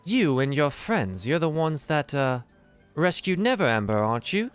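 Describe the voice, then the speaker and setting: A man's voice: a little high, big pitch swings, moderate pace, clean tone, soft background music, pitched above the performer's own voice. A man voicing a genial retired male adventurer who works as a sly, friendly faction contact.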